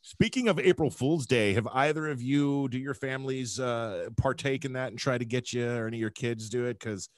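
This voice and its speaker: A man's voice: medium pitch, fairly quick, hardly any pauses, no room sound. A man hosting a dad podcast, chatty and teasing as he leads the talk. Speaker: podcast host. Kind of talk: casual chat.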